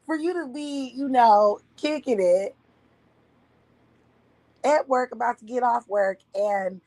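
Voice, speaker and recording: A woman ranting bluntly and profanely on a livestream from home, often mimicking others in a high voice. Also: takes it slowly, dark tone, no echo, low-quality recording. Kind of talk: casual livestream rant. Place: at home, partner asleep beside her.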